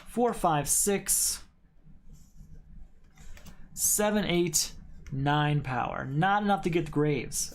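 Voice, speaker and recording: A man playing a solo card game, thinking aloud as he reads card text and counts points in a casual play-through. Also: a little high.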